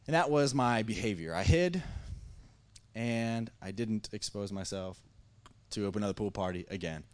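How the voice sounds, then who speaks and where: Animated male pastor telling a story. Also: lowish voice, moderate pace. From Missouri. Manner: animated, acting out dialogue, many restarts. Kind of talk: storytelling sermon. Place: church service before a congregation.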